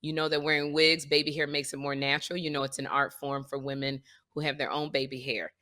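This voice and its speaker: Middle-aged woman comic co-host, bossy and teasing, bright forceful tone. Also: low-pitched, steady tone, quick pace. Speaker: podcast co-host. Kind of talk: casual comedic chat.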